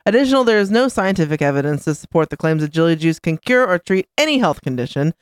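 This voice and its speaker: A woman's voice: fairly low pitch, sing-song, fast talker, clean tone, no echo. A woman podcast guest in casual chat, reading chatbot answers aloud and laughing often.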